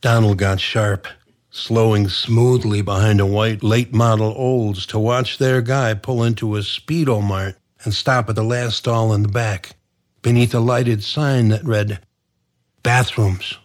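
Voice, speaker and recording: A man's voice: fairly low pitch, fairly even intonation, unhurried. Man narrating a comic crime story. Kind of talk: audiobook narration.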